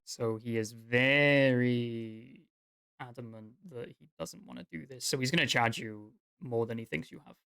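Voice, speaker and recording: A man running a tabletop game as game master, narrating in a relaxed, rambling way with fillers. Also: mid-range voice, measured pace, creaky, clean tone, dry recording, clean studio sound.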